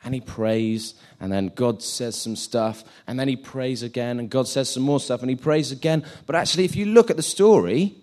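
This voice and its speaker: A man's voice: mid-range voice, normal speed, few pauses, darkish tone. A man giving an informal sermon, chatty and self-deprecating, acting out the scenes he retells.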